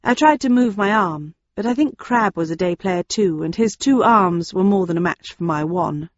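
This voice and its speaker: A woman reading a novel aloud in the first person, with measured, steady storytelling. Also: lowish voice, no room sound, lo-fi sound. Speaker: audiobook narrator. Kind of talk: first-person audiobook narration.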